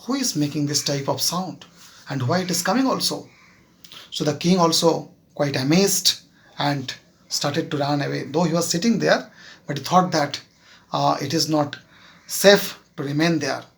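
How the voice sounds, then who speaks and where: Gravelly Indian teacher telling a story. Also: male voice, fairly high pitch, a bit bright. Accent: Indian English. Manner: keeps checking with "Clear?"; slow, halting retelling with fillers. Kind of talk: classroom storytelling lesson.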